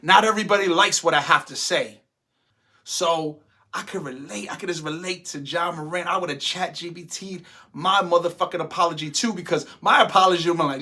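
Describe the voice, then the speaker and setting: Brash, bright-voiced man ranting. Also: a little high, a little fast. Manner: loud, brash, swearing, laughing often. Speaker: podcast host. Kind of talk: casual profane commentary.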